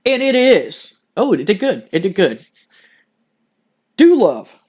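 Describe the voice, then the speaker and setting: A man's voice: high voice, very animated, takes it slowly, slightly rough. Male let's-play host, casual rambling commentary, thinks aloud.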